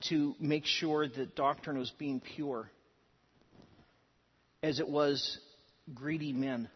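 Pastor, male, higher voice, delivering a sermon with dramatic emphasis; muffled, lo-fi recording. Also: breathy edge. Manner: earnest preaching with dramatic emphasis. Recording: dull sound with long hall reverb.

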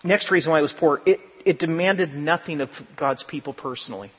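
A pastor with a high, somewhat husky voice preaches with emphatic force. His words ring out in a big reverberant church, captured on a dull, lo-fi recording. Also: brisk. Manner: emphatic, rising to loud bursts, quoting people in character. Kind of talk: sermon.

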